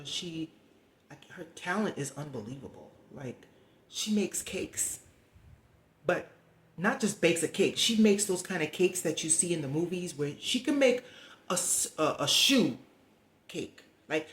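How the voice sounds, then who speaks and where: A woman's voice: deep voice, expressive, a little slow, roomy sound. A middle-aged woman talking candidly to camera in a rambling, heartfelt, confiding way. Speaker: vlogger. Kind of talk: candid personal vlog talk.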